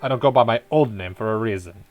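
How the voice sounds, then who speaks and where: A man voicing a smooth, scheming male fox investigator in a game, in a low, formal, suave manner. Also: fast, lo-fi sound, soft background music, close to an everyday voice. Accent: put-on Spanish accent.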